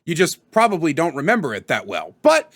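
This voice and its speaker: Animated high-voiced man giving tips. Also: fairly quick. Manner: energetic, animated, swears casually. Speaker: tabletop gaming content creator. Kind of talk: casual tutorial vlog.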